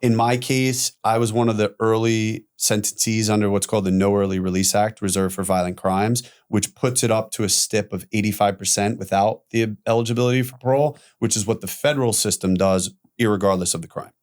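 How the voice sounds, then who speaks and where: A man guest on a podcast telling his own story candidly, animated, acting out quoted voices and swearing casually. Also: on the low side, a little fast, few pauses, clean tone.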